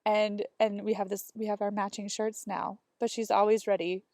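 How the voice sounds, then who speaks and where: A woman's voice: mid-range voice, level tone, normal speed, a little mellow, dry recording, studio quality. A woman co-hosting a podcast, telling stories in casual chat and acting out quotes as she goes. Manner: storytelling with acted quotes and laughter. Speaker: podcast co-host.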